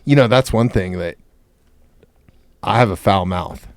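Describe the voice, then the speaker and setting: A man's voice: fairly low pitch, measured pace, dry recording. A man hosting a podcast, chatting in a laid-back way and calling his guest dude. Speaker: podcast host. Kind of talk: casual podcast chat.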